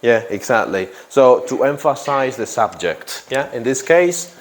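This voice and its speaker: A man's voice: medium pitch, expressive, a little slow. A man teaching an English grammar class in a classroom, repeating example sentences and asking students questions.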